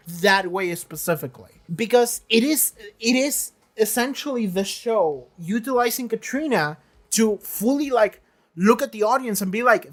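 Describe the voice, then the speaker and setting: A reaction-channel host talking casually in a question-and-answer vlog, animated and emphatic, with lots of filler words and casual swearing. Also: mid-range voice, moderate pace. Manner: acts out quoted lines in shifted voices.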